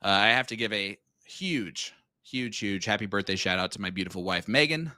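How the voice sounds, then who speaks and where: Bright-voiced joking man in his thirties. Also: on the low side, normal speed, no echo, clean studio sound. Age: 30s. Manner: joking, teasing banter. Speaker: darts commentator. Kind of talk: casual live commentary.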